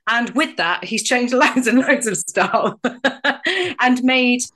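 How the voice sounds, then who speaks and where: A woman's voice: fairly high pitch, takes it slowly, a bit bright. A middle-aged woman stage actress chatting as a podcast guest, enthusiastic and full of asides and restarts. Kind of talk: casual podcast chat.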